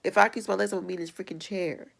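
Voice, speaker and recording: A woman's voice: medium pitch, steady tone, very fast, gravelly. A young adult woman vlogger ranting bluntly and with exasperation in a casual video. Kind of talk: casual vlog rant.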